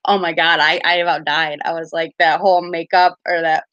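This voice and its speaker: A woman's voice: deep voice, little pitch movement, brisk, hardly any pauses, a bit bright, no echo. A woman casually chatting on a live stream as a card reader, giggly and full of fillers.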